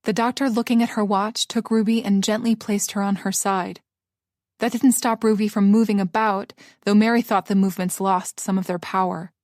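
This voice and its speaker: A woman narrating a novel aloud in a measured, even audiobook style. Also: mid-range voice, no echo, studio quality.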